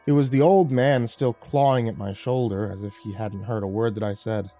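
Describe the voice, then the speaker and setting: A man reads a scripted horror story aloud in a dramatic storytelling manner, his voice lowish and warm at a normal speed. Faint music plays underneath.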